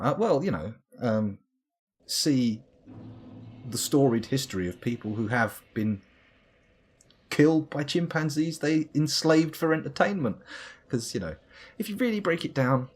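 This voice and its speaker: A man's voice: medium pitch, very animated, normal speed, slightly rough. A man from the UK streaming a game live, rambling and theatrical, swearing and talking to the boss. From United Kingdom. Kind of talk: live gameplay commentary.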